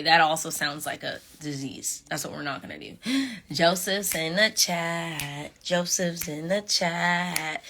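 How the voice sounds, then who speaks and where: Young woman on a live stream, sassy, bit husky, lowish voice, chatting w fans. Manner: animated, sassy, talks straight to viewers. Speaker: reality show contestant on a live stream. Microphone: phone.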